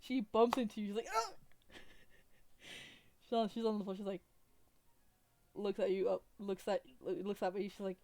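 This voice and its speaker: A woman narrating a tabletop role-play game as game master, rambling with many pauses and restarts. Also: mid-range voice, flat delivery, warm tone.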